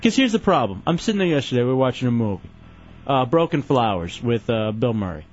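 A man's voice: mid-range voice, very animated, fast talker. A man in his late twenties hosting a casual radio show, playful and scolding in turn. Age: 20s. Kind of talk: casual on-air chat. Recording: dull lo-fi radio audio.

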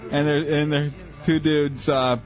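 A male radio co-host setting up a comedy bit in a relaxed, giggly way. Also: fairly high pitch, unhurried. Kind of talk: casual radio banter. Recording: lo-fi radio studio with faint music.

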